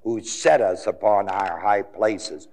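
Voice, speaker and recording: Slow male preacher in a reverberant hall, drops to a murmur and then soars high. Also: darkish tone. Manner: call-and-response questions, swinging between low murmurs and high ringing exclamations. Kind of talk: sermon.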